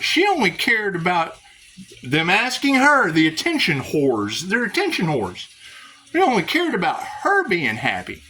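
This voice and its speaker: A man's voice: high voice, sharp tone, slight background noise. A man rambling to his viewers in a spiritual vlog, sarcastic, swearing and laughing often. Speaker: spiritual vlogger.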